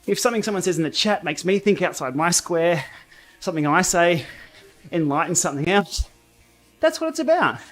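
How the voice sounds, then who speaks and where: A man hosting a casual cycling livestream from his home training room, blunt and outspoken, quick to laugh. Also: high voice. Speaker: cycling YouTuber and livestream host. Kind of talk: casual livestream chat while riding.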